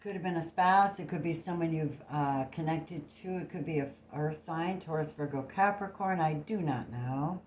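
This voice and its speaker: This tarot reader has a deep, slightly mellow voice and talks at a normal pace with hardly any pauses. Filming herself on a phone in an echoey room with slight background noise, she gives a casual, blunt, emphatic reading and swears freely.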